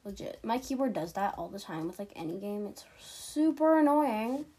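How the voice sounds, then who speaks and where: Playing games on stream, a teenage girl keeps up chatty, giggly commentary full of self-mockery. Her mid-range voice is animated and darkish in tone at a moderate pace, with a little hiss or hum.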